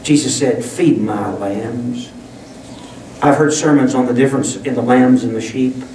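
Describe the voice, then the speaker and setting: A man's voice: mid-range voice, steady tone, fairly quick, darkish tone, slight background noise. Pastor guy preaching casual and folksy, roomy echo, mic kinda far off. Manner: folksy, conversational preaching with restarts. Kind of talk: sermon. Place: church sanctuary. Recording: echoey room, distant mic.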